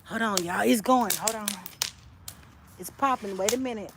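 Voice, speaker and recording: A woman's voice: mid-range voice, moderate pace, creaky, background noise. A woman livestreaming outdoors by a fire on a cold night, chatting straight to her viewers and telling a personal story. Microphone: phone livestream.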